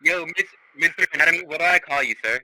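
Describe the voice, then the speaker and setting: A man's voice: fairly high pitch, fast, pushed and bright, no echo, rough recording. A man with a South African accent chatting casually and loosely, hyping up his bandmates. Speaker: band member guest. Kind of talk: casual chat.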